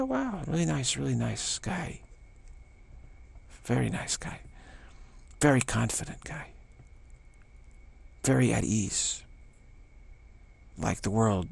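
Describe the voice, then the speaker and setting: A man's voice: medium pitch, vocal fry, breathy edge, dry recording. An older man giving an informal spiritual talk, rambling through anecdotes and acting out little dialogues with a chuckle. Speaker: spiritual teacher.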